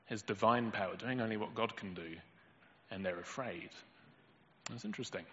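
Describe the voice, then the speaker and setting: A man's voice: medium pitch, pushed and bright. Man preaching in an echoing hall. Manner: storytelling, acts out quoted lines with sudden lifts. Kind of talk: sermon. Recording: dull lo-fi audio in a long-reverb hall.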